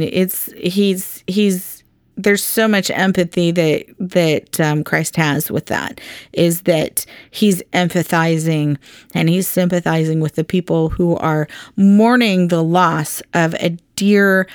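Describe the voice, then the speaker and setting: A woman's voice: lowish voice, clean tone, dry recording. Woman talking through bible verses on her podcast, casual and earnest, dry close sound. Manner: chatty and earnest, with many ums and restarts. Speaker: podcast host teaching Bible series.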